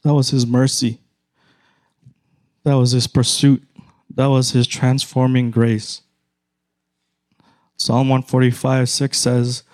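A middle-aged man with a Filipino accent, preaching a sermon in a measured, emphatic way with repeated phrases. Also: mid-range voice, little pitch movement, darkish tone. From Philippines. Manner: slow, measured, emphatic repetition.

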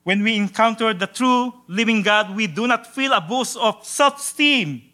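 A pastor delivers a sermon in a high, bright, ringing voice, swinging from near-whispered solemn lines to loud, stretched-out exclamations. He draws out his quotations with emphasis and occasionally stumbles and repeats words.

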